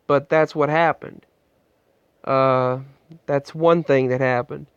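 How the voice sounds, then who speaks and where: A man telling his own story in a vlog, earnest and halting, often restarting his sentences, recorded on an earbud microphone indoors. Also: medium pitch, little pitch movement, smooth, no echo. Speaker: vlogger. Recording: muffled, dull sound.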